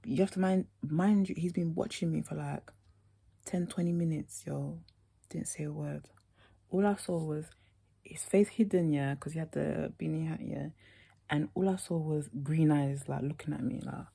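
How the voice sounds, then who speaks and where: A woman's voice: sits low, fairly even intonation, normal speed, creaky, warm tone, slightly rough. A young woman telling a rambling, chatty story. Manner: rambling, chatty, constant "yeah" and "like". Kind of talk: casual storytime monologue.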